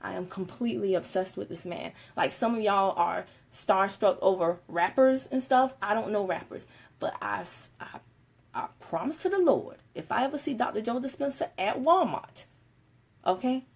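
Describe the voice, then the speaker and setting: A woman giving a casual motivational talk on a live stream, animated and laughing often, moving between soft and loud. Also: mid-range voice, normal speed, vocal fry, breathy edge.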